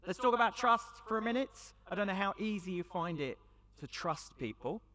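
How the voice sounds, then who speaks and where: A man with a British accent giving a storytelling talk to a young audience at an event, conversational with dramatic pauses. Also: high voice, expressive, sharp tone. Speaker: youth event speaker. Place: large hall with audience. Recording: long hall reverb.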